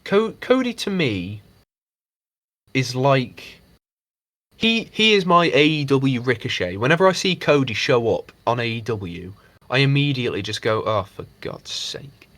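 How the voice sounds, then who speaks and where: A man co-hosting a casual podcast, rambling and swearing freely as he mocks people with quick impressions. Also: medium pitch, expressive, fairly bright tone, no room sound. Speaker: podcast co-host. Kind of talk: casual chat.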